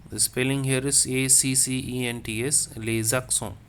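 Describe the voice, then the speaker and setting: Male language teacher, slow and repetitive, mid pitch, faint room noise. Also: little pitch movement, a bit bright. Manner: slow, repetitive, checks with "okay?". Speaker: French teacher. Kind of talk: classroom lesson.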